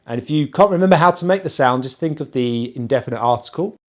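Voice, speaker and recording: Lively British man teaching pronunciation. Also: mid-range voice. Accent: British, non-rhotic. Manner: slow, exaggerated drilling of sounds. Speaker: English teacher. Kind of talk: pronunciation lesson.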